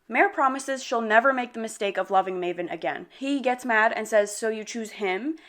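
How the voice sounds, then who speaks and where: A young woman with an animated, slangy manner gives a casual book recap full of dramatic asides. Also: on the high side, moderate pace, few pauses.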